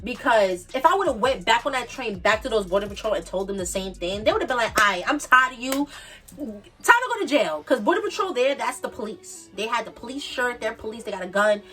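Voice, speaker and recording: A woman in her twenties from the Bronx, New York, with a New York accent, telling a storytime tale in an animated, emphatic way and repeating her points. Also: on the high side, quick pace, few pauses, far from the mic, faint music behind. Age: 20s. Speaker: vlogger. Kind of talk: casual storytime monologue.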